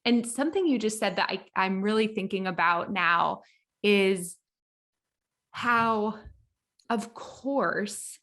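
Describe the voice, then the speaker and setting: A woman at a middle pitch hosts a podcast conversation. She thinks aloud as she talks, circling back and rephrasing. Her tone stays easygoing and reflective. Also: slow pace, a bit bright. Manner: thoughtful, conversational, many fillers and restarts while thinking aloud. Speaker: podcast host.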